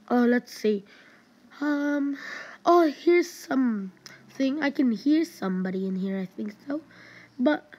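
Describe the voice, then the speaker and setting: A woman talks her way through a video game at an unhurried pace. Her voice sits a little high, and she often breaks into excited exclamations between fillers. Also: dull audio. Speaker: gameplay streamer. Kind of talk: gameplay commentary.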